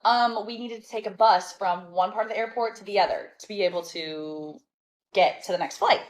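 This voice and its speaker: A woman telling a storytime in a casual, animated and sassy way, exasperated and laughing between lines. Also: mid-range voice, moderate pace, rough recording.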